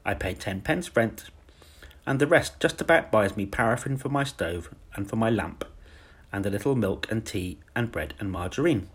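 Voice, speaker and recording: Gentle timid young lady teacher, man reading her, quiet earnest way, lowish husky voice. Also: lively intonation, normal speed.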